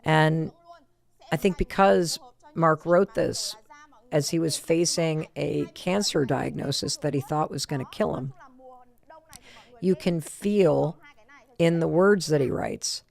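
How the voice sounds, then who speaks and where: A woman hosting a podcast, talking in a casual, earnest, heartfelt way and speaking in quick bursts. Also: low-pitched, vocal fry, a little mellow. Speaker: podcast host.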